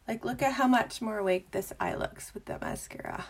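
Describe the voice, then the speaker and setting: A young adult woman hosting a casual makeup tutorial, bubbly and chatty, sometimes dropping into a soft whisper. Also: on the high side, brisk, hardly any pauses, slightly rough.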